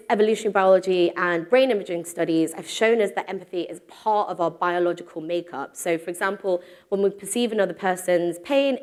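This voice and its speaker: A woman in her thirties speaking from a stage to a live audience, in a somewhat low voice for a woman. Her delivery is casual and joking at her own expense, full of ums and quick asides. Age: 30s. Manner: casual, self-deprecating humor with frequent ums. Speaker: conference speaker. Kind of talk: live presentation talk.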